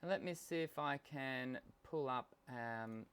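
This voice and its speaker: A man's voice: mid-range voice, measured pace. An Australian man hosting a live singing lesson, talking casually with lots of ums and restarts while unwell and coughing now and then. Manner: chatty, explanatory, many fillers and restarts. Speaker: host and voice coach.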